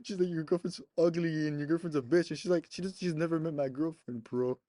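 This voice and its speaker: A man's voice: a little high, steady tone, quick pace, dark tone, no room sound. A young man casually telling a rambling story on a podcast, laughing often and swearing between many "like" fillers. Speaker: podcast co-host.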